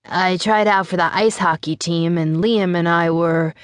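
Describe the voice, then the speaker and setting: Nervous teen boy, read by a woman in an audiobook, low and dry. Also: fairly even intonation, a little slow, no room sound, close to an everyday voice. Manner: hesitant, polite. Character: nervous teenage boy, protective brother. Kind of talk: audiobook narration.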